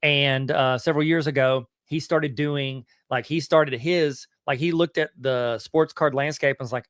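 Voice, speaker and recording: A man's voice: medium pitch, steady tone, normal speed, few pauses, dry recording, studio quality. A middle-aged man with a Southern US accent hosting a podcast on a live stream, talking in a casual, slangy way with lots of fillers and restarts. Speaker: podcast host.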